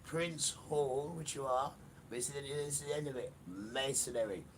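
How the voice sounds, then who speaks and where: A man's voice: medium pitch, normal speed, a little hiss or hum. A man preaching an emphatic livestream sermon, repeating phrases and speaking straight to the listener. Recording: distant mic with loud music behind.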